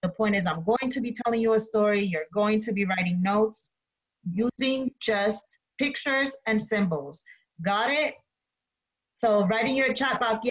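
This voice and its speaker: A woman teacher giving an online English lesson, slowly repeating instructions and then reading a story aloud. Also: medium pitch, lo-fi sound. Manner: slow, deliberate, repeats instructions.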